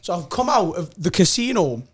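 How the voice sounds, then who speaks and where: High-voiced Geordie man telling a story. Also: a little fast, husky. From North East England. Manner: animated, swearing, acts out other people's lines. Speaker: podcast co-host telling a story. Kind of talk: casual storytelling chat.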